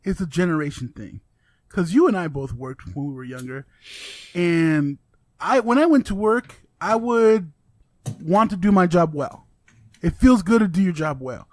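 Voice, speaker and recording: A man co-hosting a podcast, making his case in opinionated, expressive casual chat and swearing now and then. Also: sits high, moderate pace, no room sound. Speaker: podcast co-host.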